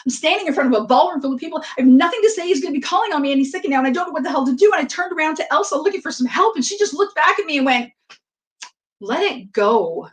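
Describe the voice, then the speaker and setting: A woman with a somewhat high voice performs a first-person story for an audience. She talks fast and breathlessly when describing panic, stammers when reliving the moment at the mic, and slows into soft, earnest reflection. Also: lively intonation. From from outside the country of the event.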